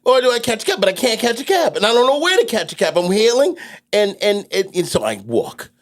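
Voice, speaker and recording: A man's voice: sits high, very animated, fairly quick. A man from New York City, a podcast co-host, telling a rambling story full of restarts. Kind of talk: casual storytelling chat.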